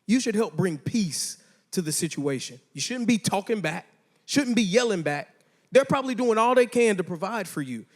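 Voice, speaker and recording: Casual high-voiced youth pastor. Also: male voice, animated, moderate pace. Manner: casual, playful, talks straight to teens. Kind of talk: youth sermon.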